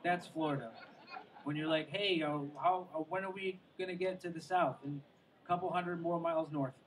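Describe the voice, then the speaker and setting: A man's voice: a little high, steady tone, moderate pace, recorded from a distance, crowd noise, noisy background. A man doing a stand-up comedy set outdoors by the water, rambling and self-mocking, drifting into asides and tripping over his own words. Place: outdoor show near the water.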